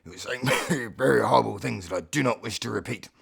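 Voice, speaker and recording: A man voicing a laid-back, crude male talking cat who tells tall tales in a low, slow drawl. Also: creaky, fairly bright tone, slightly rough, heavily acted. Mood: mock-solemn. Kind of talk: comedic storytelling.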